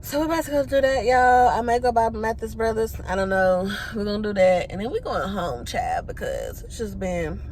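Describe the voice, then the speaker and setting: A woman's voice: mid-range voice, moderate pace, hardly any pauses, darkish tone, slight background noise. A woman vlogging casually while out shopping, chatty and exclamatory, a bit out of breath. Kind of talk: casual vlog chat.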